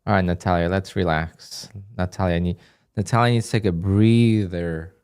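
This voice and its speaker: Male livestream host, slightly low pitch, relaxed off-the-cuff commentary reading chat. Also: normal speed, clean tone. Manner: relaxed, reads chat questions aloud and answers offhand. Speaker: day-trading livestream host. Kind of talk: casual live-stream commentary.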